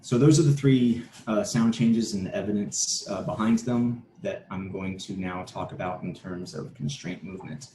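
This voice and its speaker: Man presenting a conference talk, low mellow voice, steady explaining, echoey room, faint noise. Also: normal speed, few pauses. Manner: steady explanatory delivery with occasional restarts.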